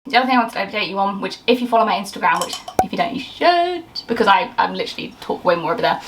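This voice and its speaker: A woman's voice: mid-range voice, rapid-fire, background noise. A young woman in her twenties chatting in a rambling, self-interrupting way while baking in her home kitchen. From England. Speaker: lifestyle YouTuber. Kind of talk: casual baking vlog chat. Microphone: camera on the side.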